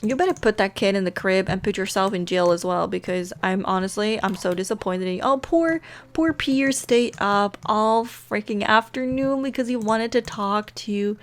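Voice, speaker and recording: Young woman, let's-play commentary, giggly, chatty, mid pitch, easily excited. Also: a little slow. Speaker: gaming video creator.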